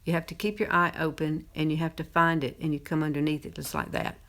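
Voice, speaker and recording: Southern woman in her fifties, slightly low and chatty, easy makeup-tutorial talk with frequent laughs. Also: flat delivery, fast, a bit bright. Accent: Southern American. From Southern United States. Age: 50s. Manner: chatty, laughs often, talks while applying makeup. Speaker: makeup presenter.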